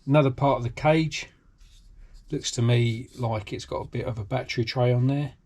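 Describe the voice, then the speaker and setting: A man's voice: mid-range voice, normal speed, darkish tone. A British man hosting a hobby channel, talking casually through an unboxing with lots of ums and restarts. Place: home workshop.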